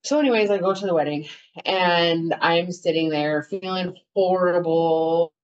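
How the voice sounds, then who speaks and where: A woman's voice: on the low side, a little slow. A woman telling her personal story as a podcast guest, in an earnest, rambling way. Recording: dull, lo-fi audio.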